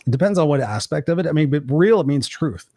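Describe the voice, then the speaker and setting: A man, an executive coach, talking candidly as an interview guest, a blunt and animated storyteller who swears freely. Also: a little high, quick pace, no room sound.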